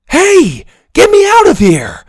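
A man voicing a frightened young boy in a storybook reading, high and pleading. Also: very animated, normal speed, gravelly, exaggerated voice. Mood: shouting. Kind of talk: storybook narration.

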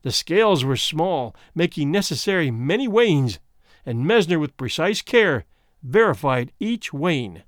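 Male storyteller, audiobook narration, pitch moving widely, dry close recording. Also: expressive, moderate pace, dry recording.

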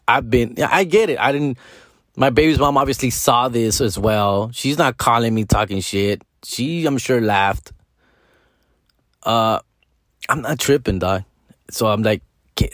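A man in his thirties talks through a loose, casual vlog, swearing often and mixing in Spanish slang as he wanders off topic. His voice sits at an ordinary middle pitch. The sound is dry, with no room echo. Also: a little slow, a bit bright. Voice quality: profane, rambling, mixes in Spanish slang. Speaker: social media comedy creator.

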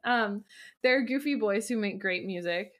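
A young woman co-hosts a podcast in a relaxed, chatty way. She gushes freely and breaks into laughter often, with a voice of ordinary pitch. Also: moderate pace. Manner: giggly, gushing, laughs often. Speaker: podcast co-host. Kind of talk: casual podcast chat reading listener answers.

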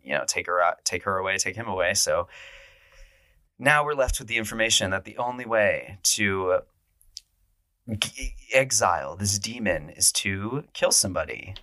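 A man's voice: deep voice, moderate pace, no echo, studio quality. A man casually recapping a horror film on his podcast, acting out the characters' lines. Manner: animated, acts out quotes in raised voices. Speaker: podcast host.

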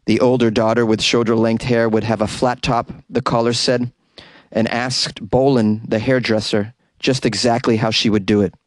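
A man's voice: medium pitch, little pitch movement, normal speed, no room sound. A man hosting a podcast, casually reading odd news stories and stumbling over hard words. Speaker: podcast host.

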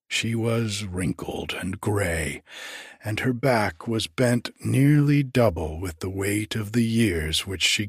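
A male storyteller with a low, husky voice reads in a slow, measured way. The sound is dry and close, with no room around it. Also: no room sound. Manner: slow, measured, even reading. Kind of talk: storybook narration.

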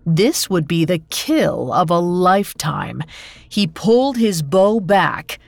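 A woman narrating a myth as scripted storytelling, in a slow, measured way. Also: on the low side, very animated, vocal fry, no echo. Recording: dry studio with faint music.

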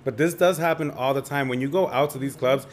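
A young man co-hosting a podcast, telling a story in a sassy, expressive way. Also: medium pitch, brisk, slight background noise. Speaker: podcast co-host. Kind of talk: casual storytelling chat.

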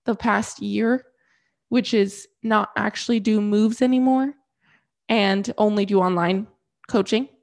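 A young woman co-hosting a podcast in casual chat, her voice stuffy from a cold, chatty and quick to laugh. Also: mid-range voice, steady tone, creaky. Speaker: podcast co-host.

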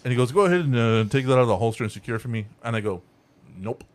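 A young man hosting a casual podcast, telling an animated, profane story and acting out the people in it. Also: medium pitch, very fast. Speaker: podcast host.

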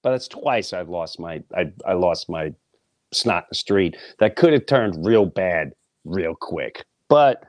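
Low-pitched and a little slow, a middle-aged podcast host shares a personal story in a dry, studio-quality recording. His delivery is casual, blunt and full of profanity, and he gets animated acting out the people he's quoting.

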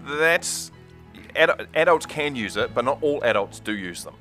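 A man's voice: medium pitch, animated, measured pace, over music. A man on a casual podcast making dry, wry interjections.

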